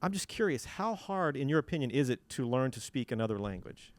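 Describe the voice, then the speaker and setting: A man's voice: medium pitch, very animated, fairly quick, no echo. A man hosting a radio interview, chatting casually and laughing, asking long rambling questions. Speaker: radio host. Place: radio studio.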